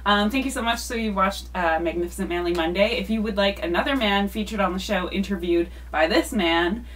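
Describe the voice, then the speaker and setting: A woman's voice: mid-range voice, fairly quick, recorded from a distance, noisy background. A woman co-hosting a casual comedic chat, giggly and self-deprecating. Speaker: co-host.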